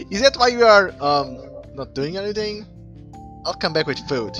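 Man, let's play host, high bright voice, very animated, faint game music behind. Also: a little slow. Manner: excitable, laughs often, breaks into high squeals and shouts. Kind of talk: casual gameplay commentary.

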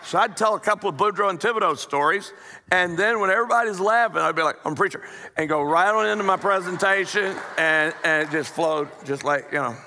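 A male preacher tells jokes and stories to his congregation in a folksy, easygoing way, often restarting his sentences. His voice is bright and forceful, pitched a little high for a man. The sound rings with the long reverb of a church hall. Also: brisk, slight background noise. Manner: folksy, joking, with frequent restarts. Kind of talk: storytelling sermon.

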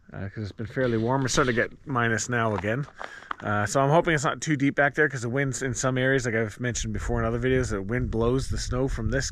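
A man's voice: medium pitch, fairly bright tone, a little hiss or hum. Chatty man vlogging outdoors on a farm. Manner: rambling, chatty, chuckles often. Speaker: homestead vlogger. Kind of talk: casual vlog chat.

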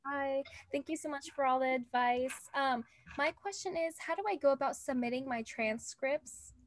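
A woman's voice: sits high, moderate pace, no echo. A young woman, a prospective student, asking about submitting transcripts on a video call, eager and a little unsure. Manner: eager, slightly unsure, rambling.

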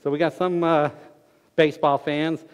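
Pastor guy preaching, folksy and excitable, high voice, big reverb from the church hall. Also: normal speed, clean tone. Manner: folksy storytelling, gets loud and excited. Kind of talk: sermon. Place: church sanctuary.

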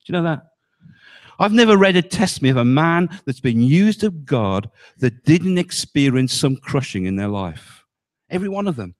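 A male pastor preaching a sermon, emphatic, often dropping low on key words and asking the congregation rhetorical questions. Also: big pitch swings, normal speed.

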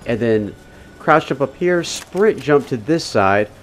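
A man's voice: mid-range voice, expressive, slow pace, slight background noise. Casual man narrating a game walkthrough. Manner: casual, instructive, talks the viewer through each step. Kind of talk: gameplay commentary voice-over.

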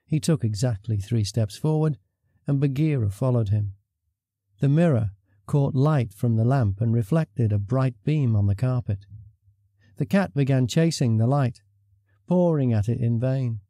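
Here a man narrates a scripted fantasy audiobook with even, measured delivery. His pitch is medium, there's no room sound, and the studio audio is clean.

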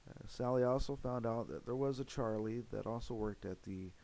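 A man narrating a paranormal investigation in an earnest, steady voice-over, with frequent fillers. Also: medium pitch, normal speed, gravelly, a little hiss or hum, poor audio.

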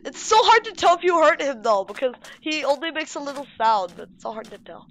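A woman giving playful gameplay commentary on a game mod, excitable and gushing, baby-talking to her in-game pets. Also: high voice, fairly quick, a little hiss or hum. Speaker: YouTuber showing a game mod.

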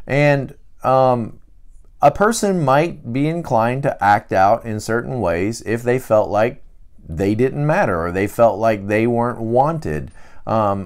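A man's voice: mid-range voice, darkish tone. A middle-aged man teaching in a conversational way, now and then acting out the voices he quotes. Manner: checks in with listeners. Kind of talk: teaching talk.

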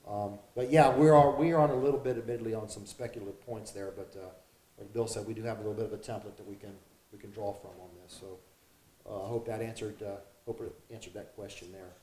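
Male host of a bible q&a, calm and measured, echoey room, slight hiss. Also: on the low side. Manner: measured, reads out viewer questions. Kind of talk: casual Bible study discussion.

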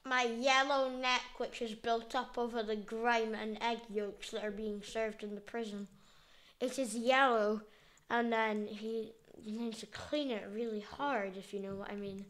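A woman's voice: fairly high pitch, measured pace. A woman hosting a gameplay video, giving goofy, jokey commentary as she plays and calling out to her viewers. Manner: goofy, jokey, playfully excitable.

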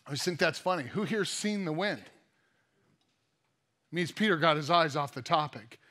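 A man's voice: fairly high pitch, moderate pace. A man pastor giving a sermon, telling stories with playful, jokey asides. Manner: lively storytelling with jokey asides.

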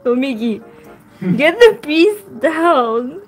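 A woman's voice: high voice, big pitch swings, slow pace, faint music behind. A woman vlogging with her pet, giggly, coaxing and pleading with it in casual talk. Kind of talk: casual pet vlog narration.

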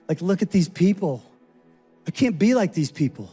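High-pitched guy pastor preaching easter, acts out the voices, faint music in the back. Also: a little fast, slightly rough. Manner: animated, acts out quoted voices. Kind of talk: sermon.

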